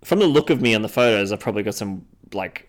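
A man's voice: lowish voice, expressive, fast talker. A man co-hosting a podcast, improvising a role-play in a laid-back, hesitant way. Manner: laid-back, hesitant, frequent ums and laughs. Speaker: podcast co-host.

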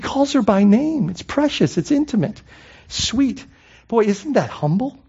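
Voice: mid-range voice, darkish tone, dull audio. A pastor preaching a sermon in a conversational way, asking the congregation rhetorical questions and often adding "I mean" and "right?".

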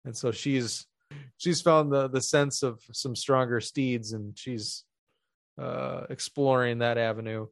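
A man's voice: medium pitch, fairly even intonation, slow, no room sound. Podcast host guy recapping a movie plot, crude jokes, dry close mic. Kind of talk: casual chat retelling a film plot.

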